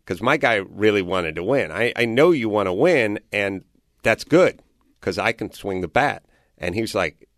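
A man's voice: fairly low pitch, no room sound, studio quality. A man hosting a radio talk show, telling a story with lots of swearing and acting out both sides. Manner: animated, profane, acts out both sides of the story. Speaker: radio host. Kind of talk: casual storytelling.

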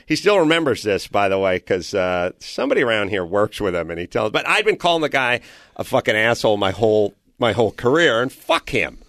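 Guy hosting a talk show, animated storyteller, profane, super dry sound. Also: medium pitch, a little fast, no room sound. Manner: animated, profane, acts out both sides of the story. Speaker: radio host. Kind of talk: casual storytelling.

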